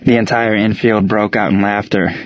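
Low-voiced man narrating a story. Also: level tone, moderate pace, no echo, lo-fi sound. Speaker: audiobook narrator. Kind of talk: scripted narration.

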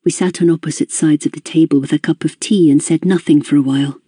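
An audiobook narrator giving a measured, introspective first-person reading of a novel. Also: mid-range voice, steady tone, mellow, breathy edge, no room sound, clean studio sound.

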